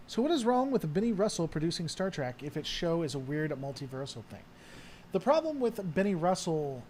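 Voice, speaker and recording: Answering viewers' questions in an informal chat, the host speaks with a fairly high, somewhat mellow male voice. His answers meander through frequent fillers and unfinished thoughts, with a bit of noise in the background.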